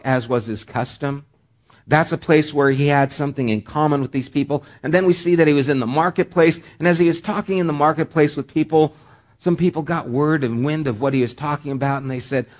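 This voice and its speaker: Conversational man preaching a sermon. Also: on the high side. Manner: conversational, joking asides. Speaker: pastor.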